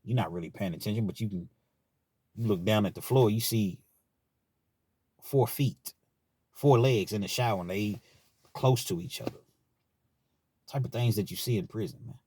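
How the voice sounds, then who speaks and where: A man's voice: lowish voice, moderate pace, pauses often, a little mellow, slight background noise. A man from Kentucky telling stories from his time in prison, in a laid-back, frank way and often tagging his sentences with "man.". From Richmond, Kentucky, US. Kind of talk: casual storytelling monologue.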